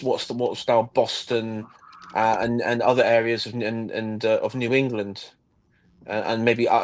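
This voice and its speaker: Hesitant man chatting on a livestream. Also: mid-range voice. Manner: hesitant, restarts and ums. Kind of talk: casual live-stream chat.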